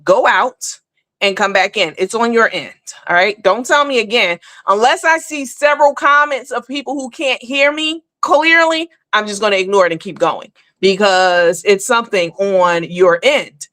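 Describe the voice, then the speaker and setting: A woman with a medium-pitched, fairly bright voice and lively intonation talks at normal speed on her live stream, offering casual, rambling commentary. She chats to viewers at length, addressing them as "honey" and "baby," and the recording is dry.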